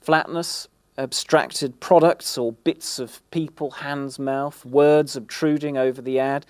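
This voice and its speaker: A man speaking at a conference, presenting in a halting way with frequent restarts. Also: mid-range voice, steady tone, dry recording. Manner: halting, many fillers and restarts. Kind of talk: presentation talk.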